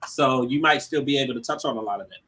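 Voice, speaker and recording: Encouraging co-host, bright tone with a slight husk, casual. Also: medium pitch, fast talker. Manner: encouraging, grateful. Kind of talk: casual podcast chat.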